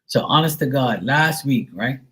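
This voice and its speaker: A man's voice: mid-range voice, lively intonation, normal speed, sharp tone, poor audio. A middle-aged man hosting a live stream, telling a rambling story to viewers, swearing often and full of fillers. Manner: profane, rambling, filler-heavy; mimics others in a raised voice.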